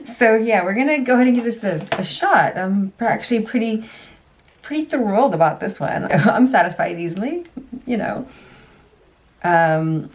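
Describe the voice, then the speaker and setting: A woman vlogger chatting casually through a beauty box unboxing, full of asides and little laughs. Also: mid-range voice. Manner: chatty, self-deprecating, laughs easily; frequent ums and trailing asides.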